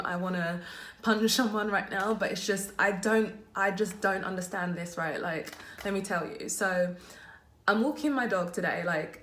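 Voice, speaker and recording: A woman's voice: lowish voice, fairly bright tone, echoey room. A woman vlogger telling an exasperated story to camera from a messy makeshift office. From abroad, living in Germany. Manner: exasperated, fast, full of "like" and "literally". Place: small makeshift office at work.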